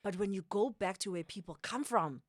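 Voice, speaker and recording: A South African woman chatting casually as a guest, animated and emphatic, repeating her phrases for effect. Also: mid-range voice, fairly quick, no room sound, clean studio sound. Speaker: guest, TV presenter. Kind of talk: casual chat.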